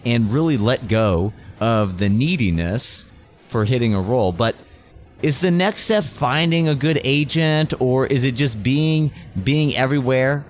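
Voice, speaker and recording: A man's voice: medium pitch, animated, a little slow. A man hosting an interview who reacts with enthusiasm and asks earnest questions. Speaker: podcast host.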